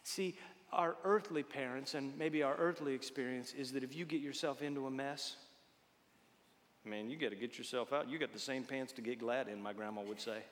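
A man preaching a folksy, humorous sermon, swinging between loud exhortation and hushed tones. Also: medium pitch, normal speed, in a large hall.

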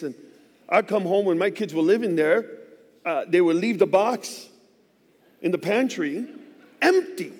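A man in his fifties, a guest pastor, preaching a sermon in a church with lively, joking storytelling. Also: high-pitched, long reverb tail. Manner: animated storytelling with joking asides. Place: church sanctuary.

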